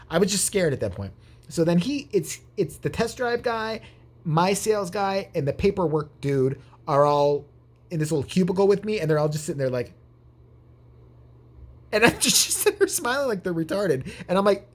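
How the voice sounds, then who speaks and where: A man's voice: sits high, very animated, moderate pace. A man vlogging, telling a rambling, profane, jokey story in casual chat.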